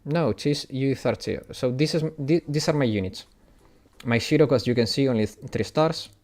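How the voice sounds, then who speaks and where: A man's voice: mid-range voice, moderate pace, darkish tone. A man from Italy, whose first language is Italian, speaks with an Italian accent and chats casually with viewers while streaming a game, often laughing. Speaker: gaming streamer. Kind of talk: casual live-stream chat.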